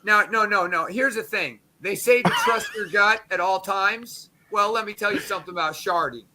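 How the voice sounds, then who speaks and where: A man streaming, telling a crude comic story in a profane, rambling way with quick asides. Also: high-pitched, sharp tone, slight background noise.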